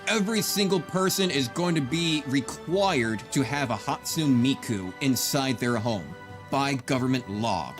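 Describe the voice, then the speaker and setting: A man's voice: on the low side, fairly bright tone. A man giving casual, joking gameplay commentary with mock-grandiose outbursts and frequent laughter. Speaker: gaming YouTuber. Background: game music.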